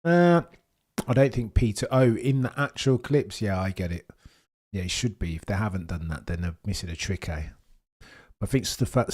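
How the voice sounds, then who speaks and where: A man with a fairly low voice hosts a live watchalong, rambling from one thought to the next. He jokes and gets excitable while he talks to his chat, sometimes with food in his mouth. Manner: eating while talking. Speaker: livestream host.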